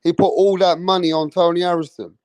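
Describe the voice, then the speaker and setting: A cocky man runs a casual boxing live stream, swearing freely and calling out his viewers. His voice sits a little high for a man. The sound is close and dry with no room echo. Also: level tone, brisk, darkish tone, clear, resonant tone. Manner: boastful, brash and profane, addressing the chat. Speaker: boxing channel host.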